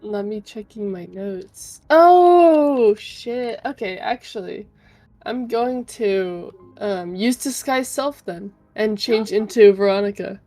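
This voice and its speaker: A woman's voice: mid-range voice, slow, warm tone, dry recording, soft background music. A woman playing a tabletop game, joking and playful in casual talk. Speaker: player. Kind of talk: casual tabletop role-play.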